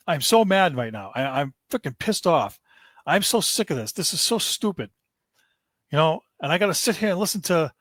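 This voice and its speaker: A man's voice: fairly high pitch, no room sound. A man, hosting a sports podcast, launches into an angry, fed-up rant, stumbling and repeating himself as he vents. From Boston area.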